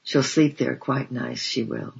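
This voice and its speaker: A man reading aloud, voicing a tearful, motherly older woman with a soft, pleading way of talking. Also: medium pitch, steady tone, measured pace, vocal fry, husky, heavily acted. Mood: plaintive. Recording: dull lo-fi recording.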